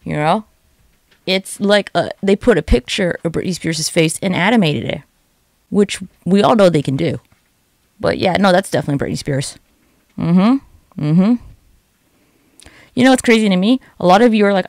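A woman's voice: on the low side, expressive, a little fast, creaky, long pauses, no echo. A young woman giving sarcastic, profane, rambling comedic commentary over online videos.

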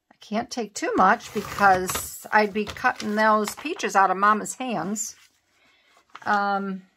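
A craft channel host chats casually while she works in a crafting video, teasing herself for being scatterbrained. Her medium-pitched voice has vocal fry and a fairly bright tone, with a little hiss or hum in the background.

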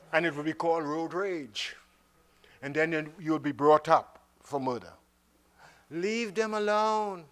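High-voiced man preaching with big swings. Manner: dramatic swings between loud exhortation and soft slow speech; calls out to the congregation. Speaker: minister. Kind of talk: sermon.

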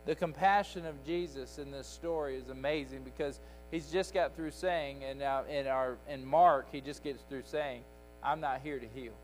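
A man's voice: on the high side, rough recording. A man teaching Sunday school in a church, preaching with an emphatic, repetitive cadence. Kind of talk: sermon. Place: church sanctuary.

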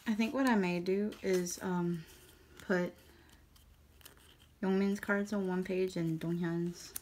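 A woman's voice: fairly low pitch, a little mellow, slight background noise. A young woman, chatting in a casual, rambling way as she organizes her photocards. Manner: rambling, emotional, giggly. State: tearing up. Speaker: vlogger.

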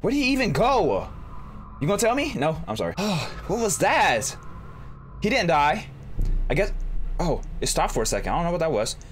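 Playing a horror game on camera, a young YouTuber jokes his way through and shrieks in a high squeal when he gets startled. He's very animated, speaks at a moderate pace with long pauses, and there's slight hiss or hum plus a music bed beneath him.

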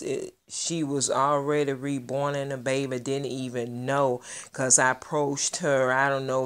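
Slow, gushing woman vlogger. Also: rumbling low. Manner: gushing, heartfelt and chatty. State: close to tears. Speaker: doll collector vlogger. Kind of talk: casual vlog reveal.

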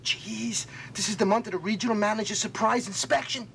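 A man's voice: sits high, fairly even intonation, fairly quick, creaky, sharp tone, a little hiss or hum, full character voice. A man playing a wisecracking, gun-happy store clerk with a brash manner.

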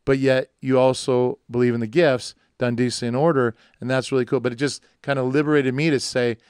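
A man's voice: medium pitch, flat delivery, a little fast, a little mellow, smooth, dry recording, clean studio sound. A pastor talking in a rambling, joking way on a conversation podcast, acting out the people he quotes. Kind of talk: casual conversation. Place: studio.

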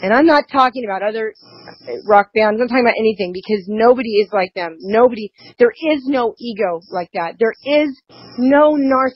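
A woman interview guest telling a painful personal account, tearful and halting, repeating words, yet defiant. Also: fairly high pitch, no room sound, lo-fi sound.

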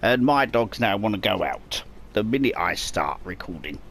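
A man with a Cockney accent from the East End of London, hosting casual let's-play commentary, swearing heavily and bursting out excitedly at the game. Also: on the low side, normal speed, vocal fry, a little hiss or hum. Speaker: gaming channel host.

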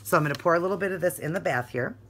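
A woman's voice: fairly low pitch, rapid-fire, fairly bright tone, a little hiss or hum. A woman chatting casually in her vlog, giggly and keeps breaking into laughter, sometimes dropping almost to a whisper. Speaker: beauty vlogger.

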